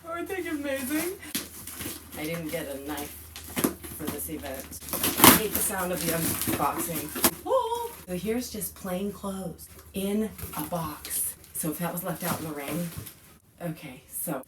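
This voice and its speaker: A woman's voice: fairly low pitch, expressive, a little slow, recorded from a distance, background noise. A woman in her forties chatting casually while unboxing, gushing and exclaiming often. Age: 40s. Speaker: vlogger.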